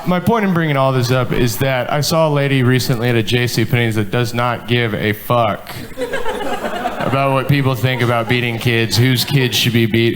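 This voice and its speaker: A man in his thirties doing profane stand-up storytelling on a club stage, animated and acting out quotes. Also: medium pitch. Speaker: stand-up comedian. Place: comedy club stage with laughing audience. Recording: live club with audience laughter.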